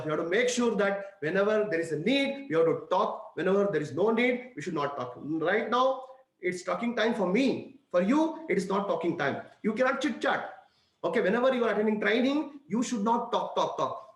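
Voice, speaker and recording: A man's voice: high voice, echoey room, low-quality recording. A man with an Indian English accent giving a preachy motivational speech, telling stories and repeating his points to the crowd. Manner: preachy, repetitive, addresses crowd as ladies and gentlemen. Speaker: motivational speaker.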